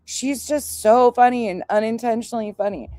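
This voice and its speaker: A woman's voice: a little high, steady tone, moderate pace, warm tone, no echo. A middle-aged mother casually telling a family story, swearing freely and laughing as she goes.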